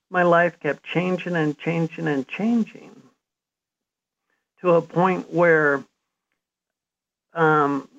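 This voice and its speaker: A man in his fifties answers an interview question at length, earnest and reflective as he recounts his path. His voice sits a little high with a gravelly edge. The recording sounds dull and lo-fi. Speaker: interview guest, author.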